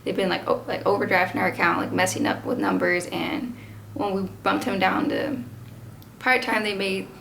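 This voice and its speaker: A woman in her twenties, a vlogger and mother, telling a story in a casual, animated way with many fillers. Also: mid-range voice, normal speed, vocal fry. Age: 20s. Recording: noisy home recording.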